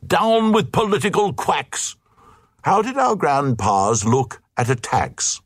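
A man voicing a crowd of foolish folk who cry out indignantly in high voices. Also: expressive, slow pace, husky, no room sound, clean studio sound, heavily acted.

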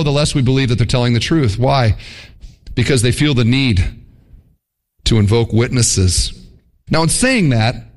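A man preaching a sermon in an animated way, acting out quick mock voices to make his points. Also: a little high. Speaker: pastor.

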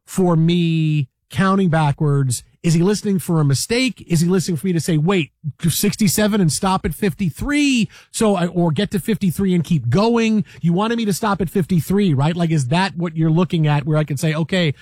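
A man in casual chat, telling stories in a rambling, animated way with many restarts. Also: high-pitched, normal speed, few pauses, dry recording, clean studio sound.

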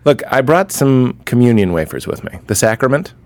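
An actor playing a pushy, churchy man posing as a stand-in dad in a comedy sketch. He asks calm, probing questions. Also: mid-range voice, moderate pace, no echo, natural voice. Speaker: sketch character.

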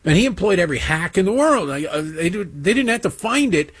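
Sarcastic, animated male talk host. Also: high voice, a little fast, husky, dry recording. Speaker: political talk show host. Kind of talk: opinionated monologue with mocking impressions.

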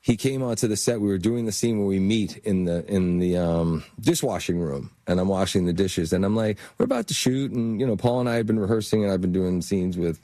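A man's voice: low voice, a little fast, few pauses, mellow, dry recording. A man guest on an interview, telling anecdotes animatedly, laughing and using many fillers. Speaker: actor guest. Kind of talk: casual anecdotal storytelling.

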